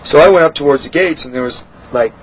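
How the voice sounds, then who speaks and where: A middle-aged man in a shoot interview, telling a story bluntly and profanely, acting out other people's lines in a higher voice. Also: fast. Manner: animated storytelling, acts out quotes with raised pitch. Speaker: interview guest. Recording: dull lo-fi sound, faint hiss.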